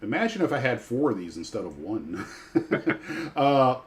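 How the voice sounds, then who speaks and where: This livestream host, a retired pilot, has a medium-pitched, sing-song voice and takes his time. His casual, rambling stories keep restarting, and there's a little hiss or hum in the audio.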